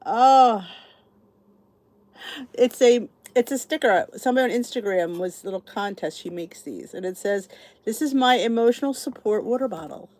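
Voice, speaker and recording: A woman's voice: fairly high pitch, lively intonation, moderate pace, a little mellow. A middle-aged woman hosting a casual livestream chat, greeting viewers and reading their comments aloud. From New Jersey, US. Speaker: channel host.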